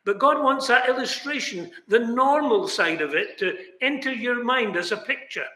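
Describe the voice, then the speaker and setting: A man's voice: extremely high pitch, lively intonation, moderate pace, sharp tone. A man preaching a sermon in a chapel, emphatic, asking rhetorical questions and speaking straight to his listeners. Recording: echoey chapel with long reverb.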